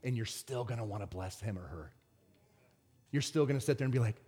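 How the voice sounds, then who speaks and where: A man preaching a sermon as pastor, swinging from shouted excitement to quiet earnest talk. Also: on the low side, brisk, breathy edge.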